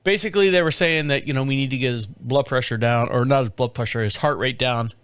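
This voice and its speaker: Recorded dry, a podcast host in his 50s talks fast in a clear, resonant, mid-range voice that's a bit bright. He recounts a story candidly and casually, laughing and cursing frequently.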